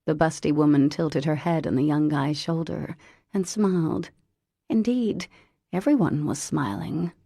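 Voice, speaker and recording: A woman narrating an audiobook in an expressive, unhurried storytelling manner. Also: sits low, gravelly, no echo, clean studio sound. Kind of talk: scripted narration.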